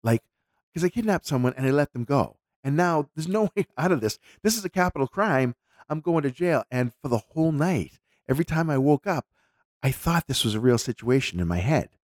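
A podcast co-host chats casually and tells stories animatedly, sometimes slipping into voices. His voice is on the high side and fairly quick, recorded in studio quality with no echo.

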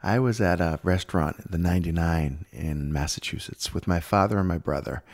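A man with a fairly low voice chats casually as a podcast co-host. He tells stories with energy and acts out the voices of the people in them. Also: normal speed. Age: adult. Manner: animated storyteller, acts out quotes. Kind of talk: casual chat.

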